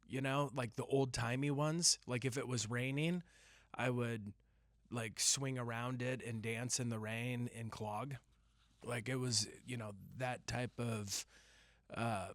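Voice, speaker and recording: A young man hosting a solo podcast, telling rambling jokey stories and breaking into sudden loud yelps. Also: mid-range voice, no echo, clean studio sound. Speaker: podcast host. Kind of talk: casual solo podcast rant.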